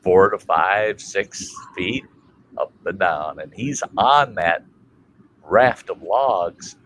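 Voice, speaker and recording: A man from Minnesota hosting a casual chat stream, telling a family story in a colorful, animated way and swearing freely. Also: sits low, slow, a little hiss or hum, poor audio. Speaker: livestream host.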